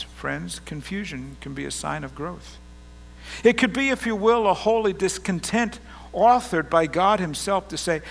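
A man's voice: high voice, fairly bright tone. A middle-aged man preaching a sermon as pastor, earnest and rising to emphatic bursts.

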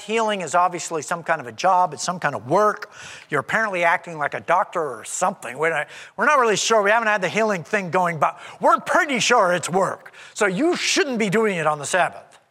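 A male preacher with a high, bright voice that swings widely in pitch, delivering an animated, conversational sermon. A long hall reverb trails behind each phrase. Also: brisk. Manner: animated and conversational, acts out quoted speech. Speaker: pastor.

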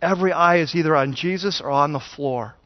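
A man pastor preaching a sermon in a conversational, animated storytelling way, on a dull lo-fi recording. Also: on the high side, brisk, no echo.

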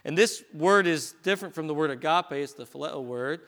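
Preacher guy reading scripture then explaining, bright forceful voice, bit high. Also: fairly quick. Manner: reads scripture aloud with rising emphasis, then drops to a quiet aside.

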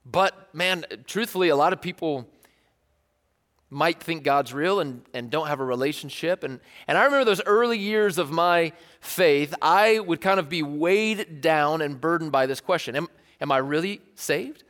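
A fairly high-voiced man in his thirties preaches with a drawl. His delivery is loose and conversational, full of jokes and repeated phrases. The sound rings with the long reverb of a large church hall. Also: moderate pace, fairly bright tone. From East Tennessee. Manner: conversational, jokey, repeats himself. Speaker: pastor. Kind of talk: sermon.

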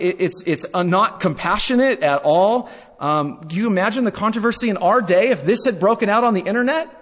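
A man preaching a sermon, repeating phrases for emphasis and swinging between loud and hushed. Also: high-pitched, big-room sound.

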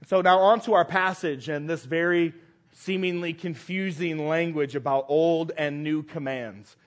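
High-voiced man preaching a sermon. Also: steady tone, unhurried. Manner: earnest preaching, reads scripture aloud with rising emphasis. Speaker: pastor.

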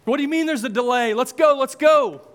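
A man playing a frantic father rushing home to his sick son, pleading and urgent. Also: very high-pitched, fairly bright tone, in a large hall, voice pushed up.

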